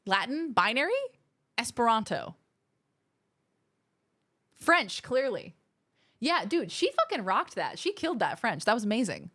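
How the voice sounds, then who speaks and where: Lively, playful American woman streamer. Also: fairly high pitch, unhurried, pauses often. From United States. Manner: playful, chatty, slips into mock accents. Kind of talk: casual live-stream chat.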